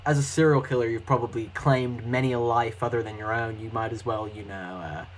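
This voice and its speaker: A man's voice: mid-range voice, steady tone, brisk, poor audio. A man answering his critics in a reaction video, defensive and sarcastic, swearing now and then.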